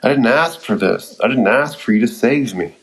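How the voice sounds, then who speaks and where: Brash teen boy ninja, excitable, loud, frustrated, cartoon, read by a man. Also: medium pitch, normal speed, lightly acted, poor audio.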